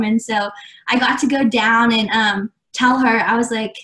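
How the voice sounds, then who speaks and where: A woman's voice: a little high, steady tone, normal speed, fairly bright tone. Earnest young woman telling a story. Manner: earnest, many "like" fillers, acts out quoted dialogue. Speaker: guest. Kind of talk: casual storytelling interview. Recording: echoey room.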